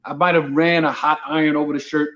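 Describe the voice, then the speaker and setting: With a slightly high voice and a quick pace, a comedian guest from Brooklyn, New York casually relates a story and acts out the dialogue with animation. The sound is lo-fi.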